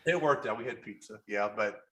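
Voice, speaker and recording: A man from Kentucky, a podcast guest, telling stories in a casual interview, animated and full of "like" and "you know". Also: on the low side, fairly quick. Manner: animated storyteller, heavy use of "like" and "you know". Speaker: podcast guest, model photographer.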